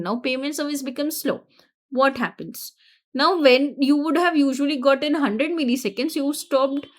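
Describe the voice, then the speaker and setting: A woman teaching as a programming instructor, explaining interview scenarios briskly, with restarts and stressed words. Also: high-pitched.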